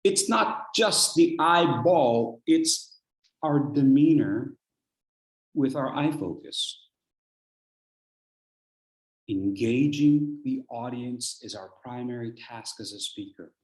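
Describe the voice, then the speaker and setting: A man's voice: medium pitch, expressive, slow pace. A man presenting a speaking workshop over a video call, playful and teasing, firing off rhetorical questions. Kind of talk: energetic instructional talk. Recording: echoey room.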